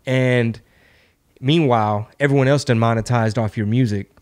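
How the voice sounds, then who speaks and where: Podcast host, male, mid-pitched, loose storyteller who leans on quotes. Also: fairly even intonation, moderate pace, a little mellow. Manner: retells stories with many "he's like" quotes. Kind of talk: casual chat.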